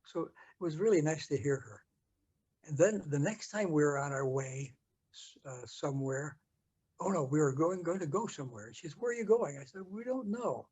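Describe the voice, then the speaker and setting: An older American man telling a story from his past in an interview, halting with many fillers and restarts. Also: a little high, darkish tone, husky. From United States. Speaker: interview guest. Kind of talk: storytelling recollection.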